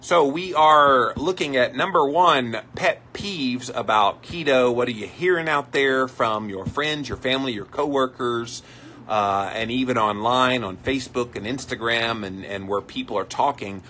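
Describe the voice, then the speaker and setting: A man's voice: mid-range voice, a little slow, sharp tone. A man hosting a live stream, chatting casually and reacting to viewer comments as he reads them. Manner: conversational, reads out comments and reacts with mock voices.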